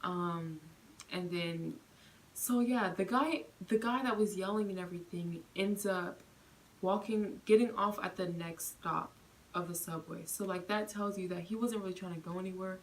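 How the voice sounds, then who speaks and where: A young woman vlogger chatting through a storytime, full of fillers and animated retelling. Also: lowish voice, normal speed, a little hiss or hum, rough recording. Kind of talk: storytime vlog.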